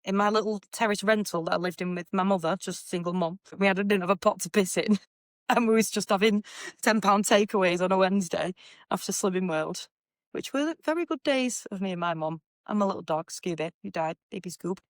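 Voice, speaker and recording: A woman's voice: medium pitch, a little fast, no echo, clean studio sound. A young woman from Manchester with a Mancunian accent, hosting a podcast in a chatty, blunt way and swearing freely. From Manchester, England. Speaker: podcast host. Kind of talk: casual chat.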